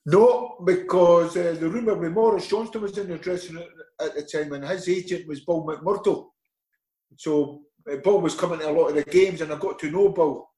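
Lively Scottish man telling stories. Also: fairly high pitch, normal speed, roomy sound, poor audio. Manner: lively, animated storyteller acting out dialogue. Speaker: interview guest, former footballer. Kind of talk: anecdotal storytelling.

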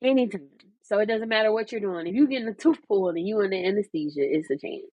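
A woman's voice: medium pitch, fast talker, a little mellow, breathy edge, no room sound, poor audio. A woman co-hosting a podcast, telling personal stories in a candid, heartfelt casual chat, full of fillers like "um" and "like". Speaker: podcast co-host.

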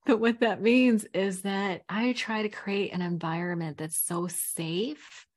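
A middle-aged woman talking as a recovery coach in a casual podcast chat, frank and animated, laughing often. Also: medium pitch, unhurried. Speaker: guest, recovery coach and speaker.

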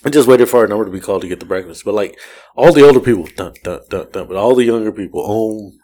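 A man hosting a podcast, telling a story in casual chat, animated and profane, laughing often and imitating the people he describes. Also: lowish voice, very fast. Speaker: podcast host.

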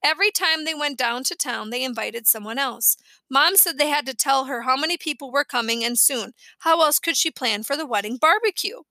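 A woman reading a children's novel aloud in an expressive, animated way. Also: sits high, fairly quick, no room sound. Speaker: audiobook reader.

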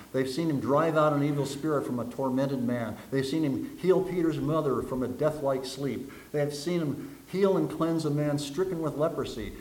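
A man's voice: medium pitch, a little mellow. A man preaching a sermon, telling jokes and stories and acting out the voices in them. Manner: folksy storyteller, acts out voices in jokes. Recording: echoey room.

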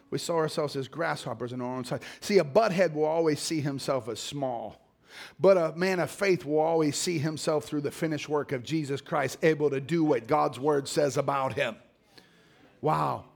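A middle-aged male pastor preaching a sermon, dropping to low murmurs and climbing to shouted exhortation. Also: moderate pace, vocal fry.

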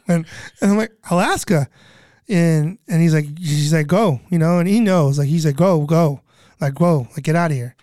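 Recorded dry in clean studio sound, a disaster relief cook in his thirties speaks as a guest at normal speed in a fairly high, mellow voice. He rambles casually through relief-work stories, dropping plenty of "you know" fillers and swear words.

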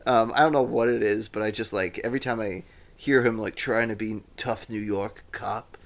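A man's voice: on the low side, steady tone, normal speed. A man in his thirties talking casually on a podcast, musing and hesitant, often trailing off. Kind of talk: casual chat.

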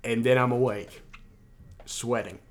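A young man in casual chat, telling a wild dream in an animated way, acting out the voices and swearing freely. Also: mid-range voice, unhurried. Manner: animated storyteller, acts out quotes, swears freely.

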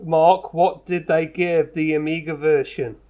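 A man's voice: a little high, flat delivery, unhurried, dark tone. A man hosting a casual quiz chat with friends, joking and teasing as he reads out scores. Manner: jokey, laughing, teasing quiz host. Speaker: host.

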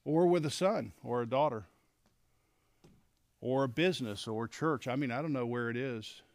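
A middle-aged man teaching a Bible lesson to men, animated and acting out quoted lines. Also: mid-range voice, moderate pace, no room sound. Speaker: men's leadership teacher.

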